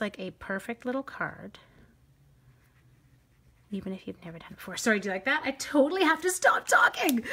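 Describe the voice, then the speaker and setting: A woman's voice: medium pitch, creaky, fairly bright tone. A middle-aged Canadian woman with a Canadian accent, chatting to viewers as she demonstrates a live stamping craft.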